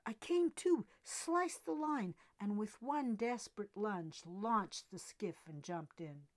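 A woman giving an expressive first-person reading from a novel, with dramatic rises and drops. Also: mid-range voice, slow. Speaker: reader. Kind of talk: scripted narration of a novel.

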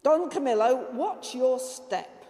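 A woman's voice: on the high side, expressive, takes it slowly, warm tone, in a large hall. A woman reading aloud voices the Lord, stern, irritable and scolding. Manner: severe, scolding.

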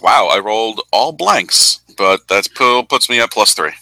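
Very bright guy playing a tabletop game, pitch all over the place, asking questions. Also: lively intonation, unhurried, no echo, low-quality recording. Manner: inquisitive, asking about rules. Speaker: player. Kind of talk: casual game chat.

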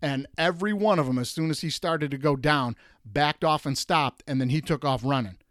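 A man from Detroit hosting a sports show, ranting with exasperated emphasis and jumping up high when he mocks. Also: moderate pace, a bit bright, no room sound, clean studio sound. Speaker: podcast host. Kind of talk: animated sports rant.

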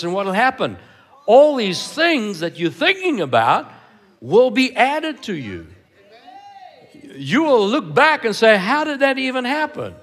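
A male pastor preaching with a fairly high, lively voice that rises and falls a lot. He stresses words by repeating them and keeps turning to the congregation with questions. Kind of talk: sermon. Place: church hall.

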